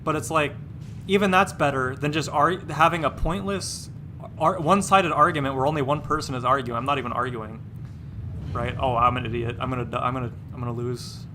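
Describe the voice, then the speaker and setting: A man's voice: medium pitch, a little fast, noisy background. A man live-streaming a game, chatting casually and rambling, restarting his words and sounding exasperated and dismissive.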